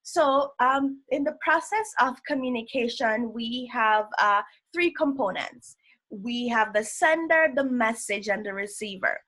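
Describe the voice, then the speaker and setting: Woman, higher voice, workshop presenter, steady explanatory lesson delivery. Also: a little slow. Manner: explains step by step with frequent "so" and "right?". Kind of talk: educational presentation.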